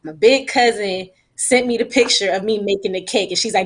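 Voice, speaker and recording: A woman's voice: medium pitch, fairly quick. Woman telling an emotional personal story. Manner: emotional, animated storytelling with laughs. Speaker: panelist. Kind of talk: personal story in a panel talk.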